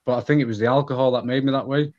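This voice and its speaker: A man's voice: mid-range voice, steady tone, racing, a little mellow. Mancunian man with dull audio. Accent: Manchester. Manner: candid, rambling, many restarts. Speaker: guest. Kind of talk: casual podcast conversation.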